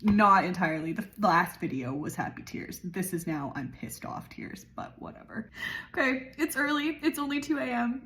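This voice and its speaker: A woman writer vlogging her progress late at night, crying and laughing as she rambles, sometimes dropping to a whisper. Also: a little high. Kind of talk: late-night casual vlog. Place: indoors at her computer.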